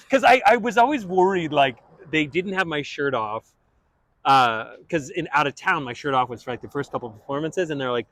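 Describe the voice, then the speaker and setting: An animated man chats as a guest, his voice sitting a bit high and swinging widely as he acts out the people in his story. The sound is dry and close, with no room around it. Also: fairly quick, no echo. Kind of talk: casual anecdote chat.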